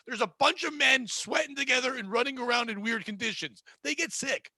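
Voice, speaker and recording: Loud ranting high-voiced man. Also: dry recording. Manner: ranting, profane, fast riffing. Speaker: podcast host. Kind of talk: casual podcast banter.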